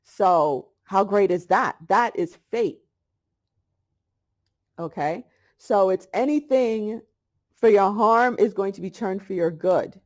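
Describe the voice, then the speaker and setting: A middle-aged woman talks to camera in a casual, chatty monologue. She tells her story freely, slipping into the voices of the people in it as she goes. Her pitch sits in the middle of a woman's range. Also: slow pace, long pauses. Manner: chatty storytelling, acting out both sides of a conversation. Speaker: holistic health vlogger.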